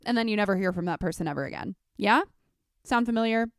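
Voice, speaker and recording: Young woman solo podcast host, animated and heated, mid-range voice, dry close mic. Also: medium pitch, fast talker, no room sound. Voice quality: acts out quoted speech in mock voices. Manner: animated, passionate storytelling. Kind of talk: casual solo podcast monologue.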